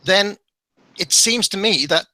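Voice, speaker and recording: Exasperated man, sharp bright voice. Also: sits high, measured pace, no echo, rough recording. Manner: exasperated, keeps cutting in. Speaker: debater attacking a theory. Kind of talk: heated online debate.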